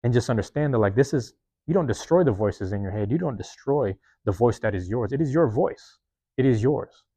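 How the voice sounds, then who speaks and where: A man's voice: medium pitch, lively intonation, fairly quick, warm tone, dry recording. A man hosting a podcast in a casual monologue, profane and rambling, often checking in with his listeners. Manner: profane, rambling, streetwise talk; self-reflective, keeps checking in with listeners. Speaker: podcast host.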